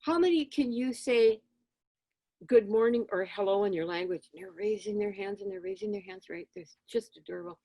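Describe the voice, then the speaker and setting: A woman guest in an interview, telling stories in a lively conversational way and acting out exchanges with children. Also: mid-range voice, brisk, dry recording. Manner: animated, acts out dialogue with children. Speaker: interview guest, spiritual teacher. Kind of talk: conversational storytelling.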